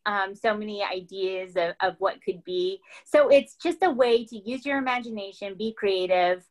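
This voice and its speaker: A woman's voice: mid-range voice, moderate pace, poor audio. A woman from the United States hosting a casual podcast chat, giggly and enthusiastic.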